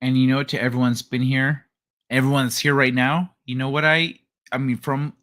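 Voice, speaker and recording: A man's voice: medium pitch, little pitch movement, brisk, a bit bright. A middle-aged man hosting a late-night livestream, chatting loosely with his viewers, joking and swearing freely. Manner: loose, profane, joking with chat. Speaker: livestream host. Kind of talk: casual late-night stream chat.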